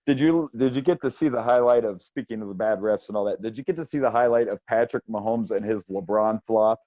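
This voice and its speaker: A man co-hosting a casual sports chat, blunt and quick to swear, laughing often. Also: lowish voice, dark tone, no room sound. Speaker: podcast co-host. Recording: dry, dull lo-fi sound.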